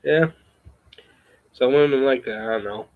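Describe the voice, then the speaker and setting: A young man chatting casually in a vlog at home, rambling and hesitant, with a gravelly, husky voice on a webcam or phone mic. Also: medium pitch, unhurried, narrow, tinny audio. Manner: rambling, hesitant, lots of fillers. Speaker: vlogger.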